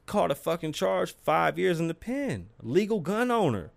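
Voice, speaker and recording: A man's voice: high-pitched, moderate pace, vocal fry, no echo. A man hosting his own podcast, talking casually and profanely and telling stories with lots of energy. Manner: profane, animated storytelling. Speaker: podcast host.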